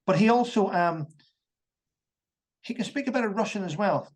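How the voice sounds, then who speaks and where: A man who is an army veteran, a guest on a podcast, talking frankly and haltingly with many restarts. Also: high voice. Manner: halting, repeats words, frank. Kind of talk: casual podcast chat.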